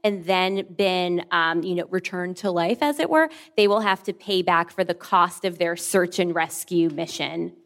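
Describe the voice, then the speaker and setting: A woman explains a subject clearly and matter-of-factly, her voice at an ordinary pitch. She speaks as a contestant on a quiz show. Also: moderate pace, few pauses, a bit bright. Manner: articulate, matter-of-fact. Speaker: contestant, author.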